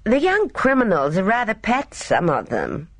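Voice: mid-range voice, wildly swooping pitch, normal speed, dry recording, voice pushed up. A reader voicing a cheerful, careless young woman who chatters in airy, slangy upper-class talk. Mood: breezy.

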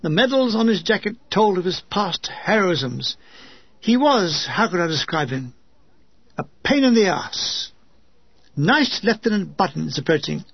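A man's voice: sits high, lively intonation, normal speed, gravelly, breathy edge, no echo, dull audio. A man reading his own war memoir aloud with wry, lyrical delivery and comic asides.

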